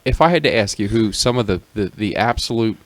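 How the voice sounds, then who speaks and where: A man co-hosting a casual sports talk podcast, asking questions and chiming in with quick agreement. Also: on the low side, animated, dry recording. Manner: prompting questions, short agreeing interjections. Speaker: co-host.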